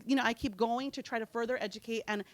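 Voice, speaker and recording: A woman's voice: a little high, steady tone, fast, no echo. A woman guest in a casual interview, talking in an earnest, reflective way. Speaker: podcast guest.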